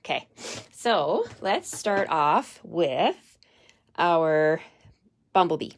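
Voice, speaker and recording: A woman's voice: low voice, very animated, drawn-out words. A woman hosting a live card-stamping demonstration, chatty and friendly, thinking aloud as she works.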